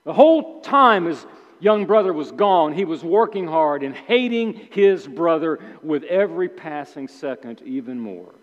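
A man preaching a sermon in an animated way, acting out the characters' complaints with sudden emphatic outbursts. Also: on the high side, measured pace. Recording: dull sound with long hall reverb.

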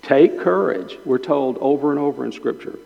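A man's voice: medium pitch, moderate pace, vocal fry. A man teaching a Bible lesson to a small group, thinking aloud and often repeating his words. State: chewing gum in his mouth. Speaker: pastor leading a Bible class. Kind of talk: informal teaching sermon. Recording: dull lo-fi sound with long hall reverb.

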